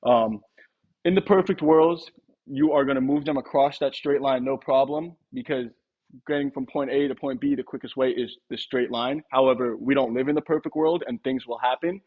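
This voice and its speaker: Here the same kind of casual sales lesson comes from a young man with a mid-range voice, recorded with phone-quality sound. He teaches quickly and informally, slipping into little acted sample dialogues now and then.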